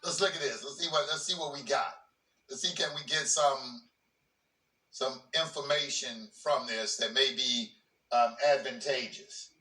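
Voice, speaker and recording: A man's voice: medium pitch, unhurried, bright, forceful tone, distant mic. A man hosting a legal commentary channel. He reads a legal document aloud and breaks off for plainspoken asides, often repeating words as he restarts. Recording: roomy echo, voice from away from the mic.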